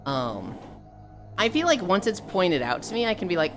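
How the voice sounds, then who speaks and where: Low, very expressive woman streamer, casual talk with music playing behind. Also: normal speed. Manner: animated, laughing, acts out quotes. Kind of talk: casual chat. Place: VR chat stream.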